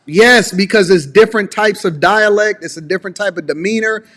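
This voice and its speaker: High-voiced man needling a caller. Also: brisk, a bit bright. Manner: needling, repeats questions, slangy. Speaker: podcast host. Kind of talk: teasing call-in banter.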